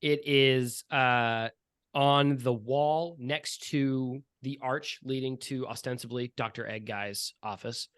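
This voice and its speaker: A man running a tabletop game as game master, describing scenes with many pauses and restarts. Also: medium pitch, fairly even intonation, a bit bright, clear, resonant tone, dry recording, clean studio sound. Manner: rambling, hesitant with ums.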